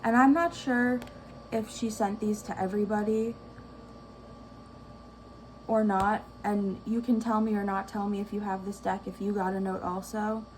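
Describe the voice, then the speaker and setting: A woman's voice: medium pitch, level tone, normal speed, darkish tone, a little hiss or hum, poor audio. A young woman chatting casually and enthusiastically as a tarot vlogger, gushing about things she loves. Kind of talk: casual chat.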